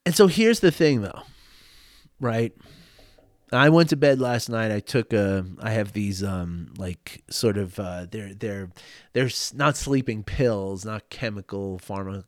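A man's voice: on the low side, unhurried, no room sound, clean studio sound. A man hosting a talk show, telling a candid personal story in a reflective, rambling way with many fillers and frequent small laughs. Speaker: podcast host. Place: home.

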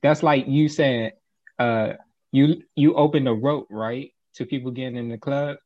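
A man co-hosting a casual talk show who explains things step by step in a measured way. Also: mid-range voice. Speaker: podcast co-host. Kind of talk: casual commentary. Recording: slightly dull, muffled audio.

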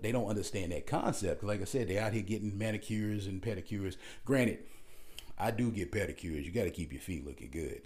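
Man, casual rant, blunt and emphatic, somewhat low voice, repeats himself when fired up. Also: darkish tone. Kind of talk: casual ranting monologue.

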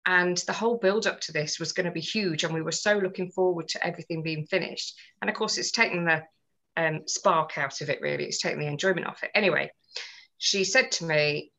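A woman's voice: lowish voice, brisk, bright, forceful tone, poor audio. A woman on a podcast, telling a personal story in earnest, detailed casual chat. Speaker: podcast co-host.

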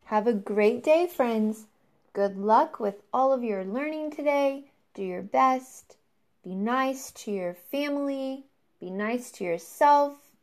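Woman teacher, read-aloud to pupils on a video call, slow, lively pitch. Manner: slow, expressive, warm sign-off to pupils. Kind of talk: reading a children's book aloud to a class.

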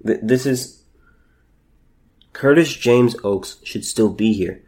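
A man hosting a solo podcast, talking in a halting, emotional way, repeating words as he holds back tears. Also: on the low side, darkish tone. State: close to tears. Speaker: podcast host.

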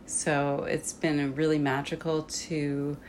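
A woman's voice: low voice, little pitch movement, slow pace, darkish tone, slight background noise. A woman hosting a casual chat, talking in a chatty way with many fillers. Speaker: host and English tutor.

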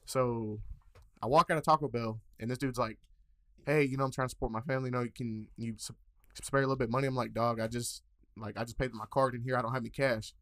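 Quick-talking co-host, rambling anecdotes, filler-heavy. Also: male voice, medium pitch, steady tone, a bit bright. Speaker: podcast co-host. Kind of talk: casual storytelling chat.

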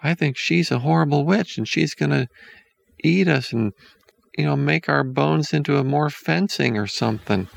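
A man's voice: a little high, moderate pace, creaky, no room sound, pitched above the performer's own voice. A man voicing a nervous young boy who worries and stammers as he talks. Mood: worried. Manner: anxious, hesitant, stammering.

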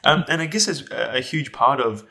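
A man hosting an interview, asking long, halting questions full of restarts. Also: medium pitch, animated, pushed and bright. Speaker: interviewer, podcast host. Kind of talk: casual interview.

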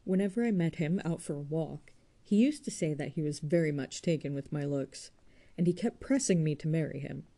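A woman reading aloud voices a blunt, careless young woman who speaks briskly and forcefully. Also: low-pitched. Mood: confiding.

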